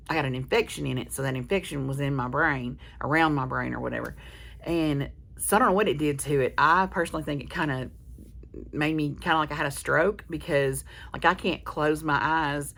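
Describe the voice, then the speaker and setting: Low, gravelly woman vlogging. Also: fairly bright tone. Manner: meandering, candid storytelling with many restarts. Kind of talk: casual chat to camera.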